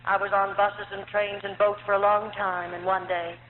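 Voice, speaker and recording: High-voiced lady from the states telling her story to a crowd, phone-thin old recording with long hall echo and hum. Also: level tone, normal speed. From United States. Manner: earnest storytelling, voice swelling and dropping with feeling. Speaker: former nun giving testimony. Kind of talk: emotional personal testimony to an audience. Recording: tinny lo-fi archive tape in an echoey hall, faint hum.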